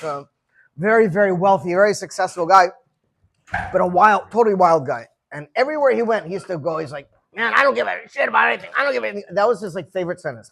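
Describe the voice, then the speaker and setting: A man in his fifties leading an informal gathering, chatty and storytelling, often repeating words as he starts a sentence. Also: sits high. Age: 50s. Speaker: farbrengen leader. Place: room with a gathered group.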